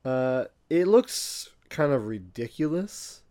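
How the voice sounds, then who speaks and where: A man's voice: medium pitch, sing-song, slow pace, mellow. A man guesting on a podcast, chatting casually about cars and laughing along easily. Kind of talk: casual car chat.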